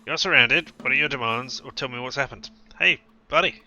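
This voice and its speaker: Male streamer, very bright voice, wry, joking, casual game commentary, faint music. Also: mid-range voice, brisk, lo-fi sound.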